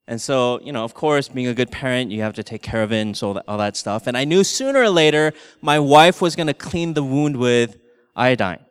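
A middle-aged male pastor telling a family story in a sermon, animated and laughing through his anecdotes. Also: a little high, clear, resonant tone, big-room sound.

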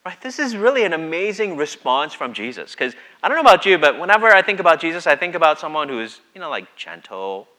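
Guy pastor preaching, chatty, a bit high pitched, acts out the quotes. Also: fast talker, hardly any pauses. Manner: conversational, acts out scripture with lively voices. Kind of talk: sermon.

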